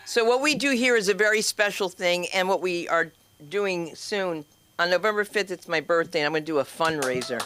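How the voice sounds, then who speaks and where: A woman comedy teacher hosting an open mic from the stage of a small club. She talks bluntly and brashly, swears freely and rolls quickly from one anecdote into the next. Her voice is bright and forward on a handheld mic. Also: fairly low pitch, a little hiss or hum. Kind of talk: open-mic stand-up banter.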